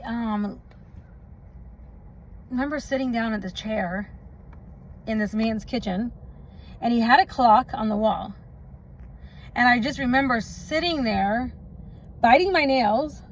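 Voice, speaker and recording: A woman's voice: on the high side, a little hiss or hum, poor audio. A woman telling her own life story in a casual storytime vlog, chatty and rambling, often stopping for asides and laughs.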